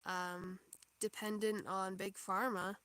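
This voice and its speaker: A woman's voice: mid-range voice, flat delivery, slow pace, a bit bright. A young woman hosting a livestream, chatting casually in a rambling way, full of fillers and small laughs. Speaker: livestream host. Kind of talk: casual chat.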